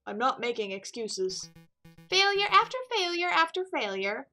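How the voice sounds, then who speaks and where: A woman's voice: high-pitched, sing-song, moderate pace, bright, forceful tone, soft background music, heavily acted. A woman doing a scornful harsh rival. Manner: scornful taunting. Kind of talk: game dialogue read aloud.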